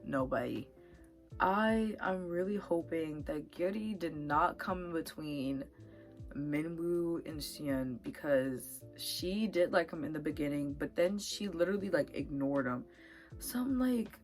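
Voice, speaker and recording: A young woman chatting casually to camera about a reality dating show, getting animated and worked up as she talks. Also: deep voice, a little slow, soft background music. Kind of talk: casual chat.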